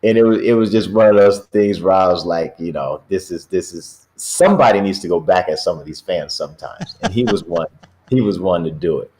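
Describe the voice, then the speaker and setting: A man's voice: low-pitched, brisk, a little mellow. A middle-aged basketball coach, a man, telling stories in a casual chat and laughing often as he talks. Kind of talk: casual storytelling.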